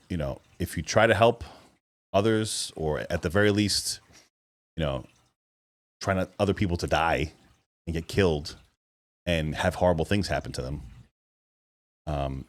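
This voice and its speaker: A man's voice: deep voice, measured pace, long pauses. A male host reacting to a played clip, talking casually and hesitantly with many fillers.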